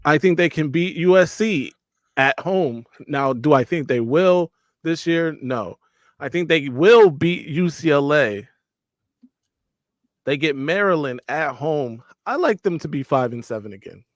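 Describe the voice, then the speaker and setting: A man's voice: on the high side, lively intonation, dry recording. Man with a dry, close-up voice. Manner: measured, hedged opinions. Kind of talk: casual sports chat.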